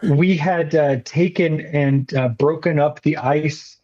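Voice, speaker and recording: Slow-talking man on muffled audio. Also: fairly high pitch, darkish tone. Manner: slow, measured, dry understatement. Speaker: filmmaker guest. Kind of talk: casual interview talk.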